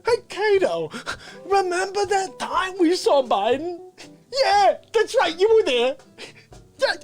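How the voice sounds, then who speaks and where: A brash, boastful male politician parody, put on by a man hosting a comedy show. He talks in a high, swooping voice at an unhurried pace, jumping from sudden shouts to hushed asides. The act is loud and over the top. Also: full character voice. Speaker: show host. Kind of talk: unscripted comedy character monologue.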